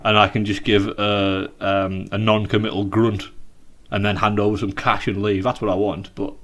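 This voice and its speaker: A man's voice: on the low side, level tone, moderate pace, fairly bright tone. A man, co-hosting a podcast in casual banter, rambling drily, swearing freely and laughing often, speaking over a Skype call. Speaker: podcast co-host.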